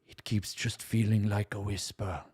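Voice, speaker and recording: A male game caster fills a break with slow, rambling, self-amused chat. His voice is low and husky. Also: flat delivery, darkish tone. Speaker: tournament caster. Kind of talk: casual chat during a stream break.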